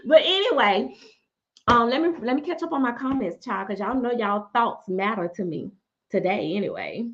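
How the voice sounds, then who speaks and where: Sassy woman, a fairly high voice, laughs a lot and talks straight to her viewers over dull livestream audio. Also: moderate pace. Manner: sassy, animated, laughs often, calls viewers baby and y'all. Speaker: livestream host. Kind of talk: casual livestream chat with viewers.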